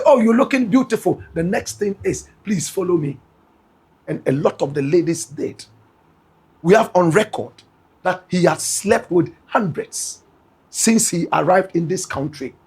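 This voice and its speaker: A man's voice: high voice, husky. A man with a Ghanaian accent giving dramatic gossip news commentary, emphatic and speaking straight to his listeners. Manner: emphatic, repeatedly addresses listeners as "my brother, my sister".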